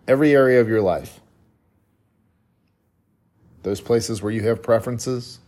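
Male podcast host, fairly low voice, reflective conversational self-help monologue. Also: a little mellow. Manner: reflective, conversational, with frequent restarts and rhetorical questions. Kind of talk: solo motivational podcast monologue.

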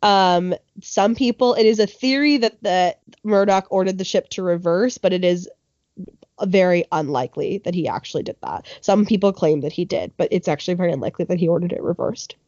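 A woman's voice: on the low side, fairly quick, a little mellow, no echo. A woman telling a history story in a casual podcast chat, with lots of ums and likes, and correcting herself as she goes. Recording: dull lo-fi sound.

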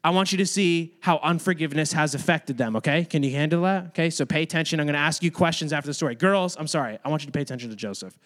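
High-voiced man teaching a Bible lesson. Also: racing, few pauses. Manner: chatty, animated, addresses kids directly. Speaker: youth or kids' ministry teacher. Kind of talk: casual Bible lesson to kids. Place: room with children.

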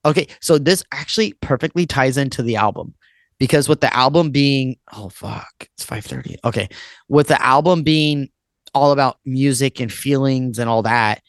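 Medium in pitch and moderate in pace, this man in his thirties rambles through memories as a podcast guest. He curses freely and says "like" constantly in the casual chat. The close, dry recording has no echo or room sound.

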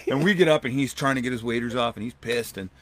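A man hosting a podcast, telling a long outdoor story in a rambling, animated way and acting out what people said. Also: mid-range voice, quick pace, dry recording. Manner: rambling, animated, acts out quotes. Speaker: podcast host. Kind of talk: casual storytelling.

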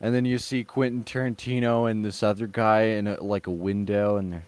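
A man's voice: on the low side, flat delivery, brisk, a little mellow, clear, resonant tone, no room sound. A man hosting an online show, giving casual and sarcastic reaction commentary in a mocking tone. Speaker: online video host.

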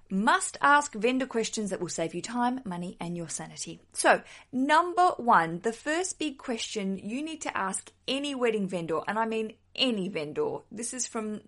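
A woman's voice: mid-range voice, a bit bright. Chatty, self-deprecating woman podcast host. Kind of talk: casual solo podcast chat.

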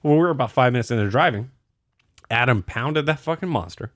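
A man's voice: medium pitch, lively intonation, a little fast, dry recording, studio quality. A young man hosting a podcast, telling a crude, rambling story full of swearing and fillers. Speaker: podcast host. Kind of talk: casual storytelling.

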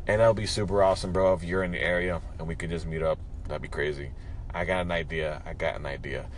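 A man's voice: low-pitched, a little hiss or hum. A man from New Jersey leaving a joking, hyped-up voice message as a caller to a talk show. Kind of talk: casual voice message.

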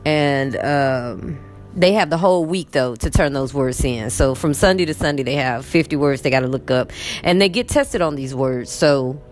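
A woman teacher with a Texan accent telling a story in a casual, animated vlog from her bed. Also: extremely low pitch, normal speed, soft background music. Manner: animated, chatty, acts out quotes. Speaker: English teacher. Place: in bed at home.

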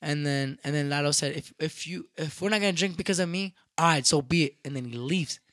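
A young man casually telling a rowdy story, profane and animated, acting out what people said. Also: on the high side, a little fast, dry recording. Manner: animated, profane, acts out quotes loudly.

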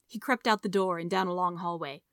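A woman reading a story aloud in a steady, measured narration. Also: on the low side, clear, resonant tone, no room sound, studio quality. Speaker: audiobook reader.

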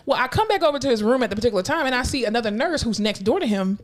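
A woman with a fairly high voice tells work stories on a casual podcast, jumping into voices as she quotes people. She swears freely and keeps an animated, storytelling rhythm. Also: very fast. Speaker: podcast co-host; hospital clinician telling work stories. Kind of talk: casual chat.

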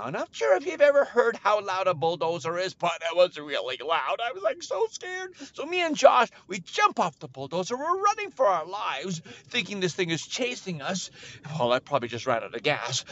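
A man hosting a children's podcast, telling a silly story with playful, animated delivery. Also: muffled recording. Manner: playful, jumps into high character voices.

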